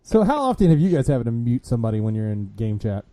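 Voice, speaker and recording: A man hosting a casual podcast chat, telling stories with animated mimicry of angry gamers. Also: mid-range voice, fast talker, no echo. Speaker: podcast host. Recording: dull lo-fi podcast audio.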